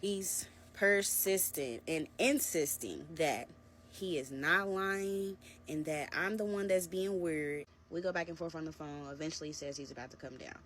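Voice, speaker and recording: A woman's voice: low voice, normal speed, a little hiss or hum. A woman telling a personal story in a casual, chatty storytime vlog, talking straight to her viewers. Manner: chatty, animated, addresses viewers as y'all.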